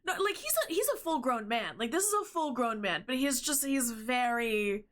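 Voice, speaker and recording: A woman's voice: fairly high pitch, expressive, moderate pace, fairly bright tone. A woman running a tabletop game as game master, narrating in a rambling, hesitant way with many fillers. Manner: rambling, hesitant, laughs often.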